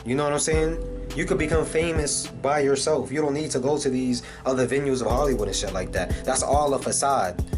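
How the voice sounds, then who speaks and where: A man's voice: mid-range voice, brisk. Ranting man over background music. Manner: ranting, profane, many fillers. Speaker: vlogger. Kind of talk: casual video commentary.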